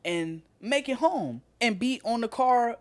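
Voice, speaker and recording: A man's voice: very high voice, lively intonation, measured pace, no room sound. A man co-hosting a casual podcast, ranting passionately and swearing a lot. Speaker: podcast co-host.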